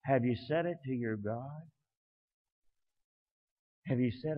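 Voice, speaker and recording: A man preaching a sermon as pastor, swelling loud and dropping soft. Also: mid-range voice, slow, long pauses, long reverb tail, lo-fi sound.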